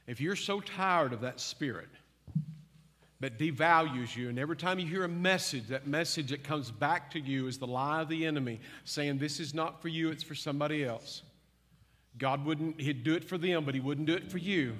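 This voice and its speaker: Pastor, male, fairly high voice, fervent altar-call preaching, long church reverb with music under it. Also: normal speed, a bit bright. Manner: teasing, then fervent and pleading. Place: large church with live music.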